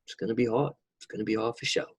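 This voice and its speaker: Husky New man chatting casually. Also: on the low side, steady tone, rapid-fire. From New York. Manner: laid-back, rambling, swears freely. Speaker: podcast co-host. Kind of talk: casual chat.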